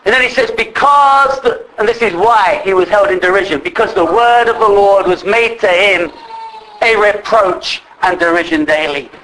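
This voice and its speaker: A man preaching a sermon with passion, addressing the congregation as brethren and rising to shouts. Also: high voice, moderate pace, a little hiss or hum, low-quality recording. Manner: impassioned, rises to shouts.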